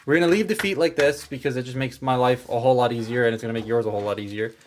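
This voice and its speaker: A man's voice: medium pitch, racing, slight background noise. A man hosting a casual toy review, chatting his way through each step as he handles the figure.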